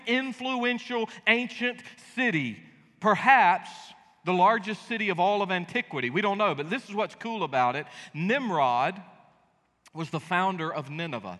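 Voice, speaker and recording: Bright-voiced pastor in a reverberant hall. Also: male voice, a little high. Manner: emphatic, folksy and joking. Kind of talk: sermon. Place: church sanctuary. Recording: long reverb of a large hall.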